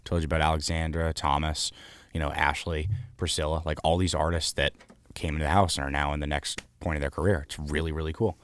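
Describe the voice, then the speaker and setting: Low-voiced man telling animated stories. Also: fast. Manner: animated, rambling anecdotes with fillers and swearing. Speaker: guest, founder of an artist house. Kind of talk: casual storytelling in an interview.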